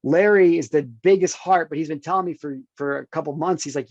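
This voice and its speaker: A man's voice: a little high, fairly quick, a little mellow, no echo, muffled recording. A man in his thirties, a podcast guest, telling a personal story with intensity, often addressing the host with "dude" and "check this out". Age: 30s.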